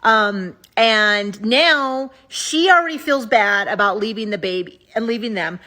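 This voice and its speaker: A woman's voice: mid-range voice, a little slow, bright, forceful tone. A woman giving candid, opinionated casual commentary to camera as a vlogger recapping a show.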